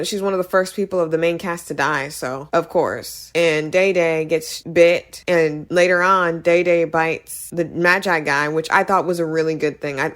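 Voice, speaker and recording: A woman's voice: deep voice, a bit bright. A young woman giving an opinionated, sarcastic movie review in a casual, ranting way.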